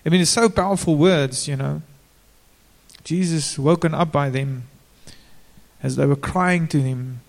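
A man preaching to a congregation, his fairly high voice carrying a gravelly edge. He keeps it informal and turns to the listeners with direct questions. A long hall reverb trails every phrase. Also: unhurried. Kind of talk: sermon.

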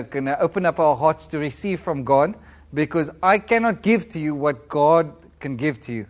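A man in his thirties preaches in church, his voice sitting a little higher than most men's. He speaks with a flat-sounding accent and keeps a conversational tone, asking the congregation questions and chuckling as he goes. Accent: non-British English, self-described flat. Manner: warm, conversational preaching with laughs and audience questions. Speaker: guest preacher. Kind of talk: sermon and prayer.

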